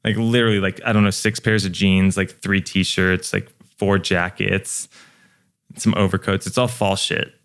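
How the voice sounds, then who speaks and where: A man's voice: deep voice, little pitch movement, normal speed, fairly bright tone, clear, resonant tone. A young man, a guest, chatting casually on a podcast in a laid-back, profane way full of fillers.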